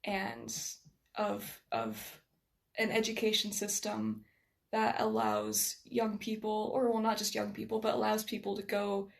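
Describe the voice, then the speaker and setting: An American woman whose accent carries a slight Scottish lilt, talking quickly in a casual conversation with many restarts and laughs. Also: mid-range voice, vocal fry. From United States. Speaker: guest.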